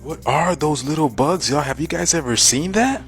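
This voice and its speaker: A man's voice: a little high, moderate pace, fairly bright tone, soft background music. A man commenting on a social media clip, keeping up a stream of rhetorical questions to his viewers.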